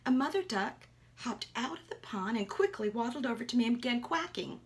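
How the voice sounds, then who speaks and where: Woman, storyteller, children's tale, expressive, soft whispered moments. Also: a little high, fairly quick. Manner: animated, with soft whispered asides.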